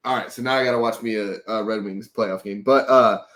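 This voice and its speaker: A man's voice: lowish voice, steady tone, brisk, fairly bright tone. Loose, swearing man hosting sports talk. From Dallas, Texas. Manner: loose, profane, rambling. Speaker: podcast host. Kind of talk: casual sports chat.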